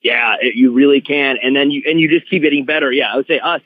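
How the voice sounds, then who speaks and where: A man guest on a podcast, telling stories in an animated, restart-filled way over a phone-like line. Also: medium pitch, fast talker, no room sound. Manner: animated storyteller, many restarts. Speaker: guest wrestler. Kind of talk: casual podcast chat.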